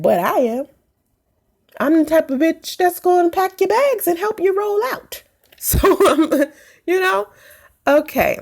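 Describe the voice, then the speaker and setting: A woman's voice: very high-pitched, animated, a little slow, vocal fry, pauses often, a little mellow. A pregnant woman vlogging casually as she reads and answers viewer comments, blunt and profane, laughing often.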